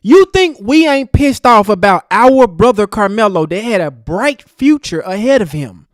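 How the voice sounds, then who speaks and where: Man, heated commentary host, angry rant, swinging pitch, dry close mic. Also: big pitch swings, moderate pace, no echo. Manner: angry, ranting, addresses the speaker directly.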